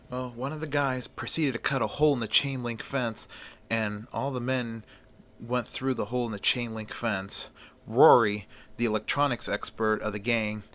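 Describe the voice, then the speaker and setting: A man's voice: mid-range voice, a bit bright. A man telling a story casually, in an easygoing, folksy way. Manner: folksy, often opens with "well".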